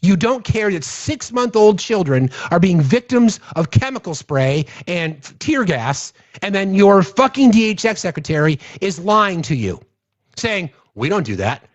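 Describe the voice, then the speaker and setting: Casting: heated, foul-mouthed male commentary host, high voice, dull lo-fi sound. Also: sing-song, a little slow. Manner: profane, heated, reads legal text aloud. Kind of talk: angry political rant. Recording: dull lo-fi audio.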